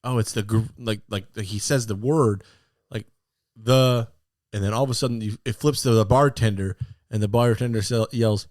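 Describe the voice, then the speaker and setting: A man's voice: on the low side, steady tone, moderate pace, darkish tone, no room sound, studio quality. A man co-hosting a podcast, telling stories animatedly and laughing often. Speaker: podcast co-host. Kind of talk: casual chat.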